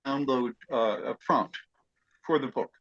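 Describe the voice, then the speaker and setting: Man class leader on a video call: upbeat, bright tone, careful with details. Muffled call audio. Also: mid-range voice. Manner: eager, effusive, spells things out slowly. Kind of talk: hosting an online study class.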